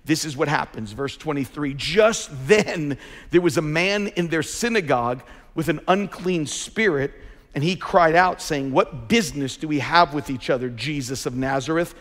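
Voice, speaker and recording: A man preaching a sermon as a pastor, talking in an emphatic way and swelling louder on his key points. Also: a little high, moderate pace. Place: large church sanctuary. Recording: long hall reverb from a big church.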